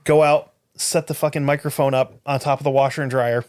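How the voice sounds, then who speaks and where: A man's voice: medium pitch, steady tone, fairly quick, a little mellow. A man in casual podcast chat, telling a story bluntly and swearing freely. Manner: blunt and profane.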